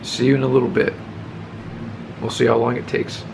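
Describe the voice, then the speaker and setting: Sounding scratchy like he's just woken up, a YouTube host chats casually and upbeat in a check-in vlog about hitting subscriber milestones, laid-back throughout. He has a medium-pitched, level, darkish voice with vocal fry at a normal speed, and there's slight background noise.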